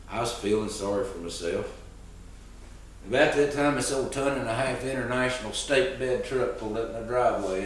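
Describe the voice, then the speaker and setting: A man telling a story in a relaxed, folksy way. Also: medium pitch, slight background noise. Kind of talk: oral storytelling performance. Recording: roomy sound, distant mic.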